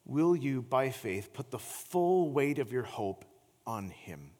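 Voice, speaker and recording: A middle-aged man preaching as a pastor, telling stories with animated energy and slowing into soft, earnest appeals. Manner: animated storytelling, voice climbing high in anecdotes; slows and softens into earnest appeal. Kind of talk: sermon. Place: church sanctuary. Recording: long church reverb.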